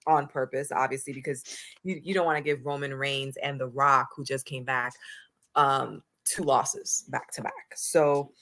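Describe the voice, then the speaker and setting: A married adult woman hosts a casual wrestling talk show podcast, giving blunt, opinionated takes and swearing freely. Her voice is very deep and a bit bright, with fairly even intonation at normal speed.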